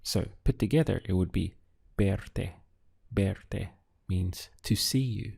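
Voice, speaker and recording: A man teaching a language lesson, speaking patiently in short phrases with pauses between them. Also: low-pitched, creaky, a little mellow, slightly rough. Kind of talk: slow, clear language lesson.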